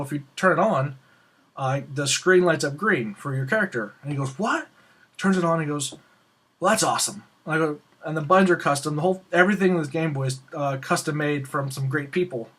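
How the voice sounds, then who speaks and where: A young man hosting a casual Q&A show, telling a rambling, excitable story and acting out the lines of the people in it. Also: on the high side, fast. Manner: excitable, rambling, acts out quoted dialogue. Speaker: host of a Q&A show.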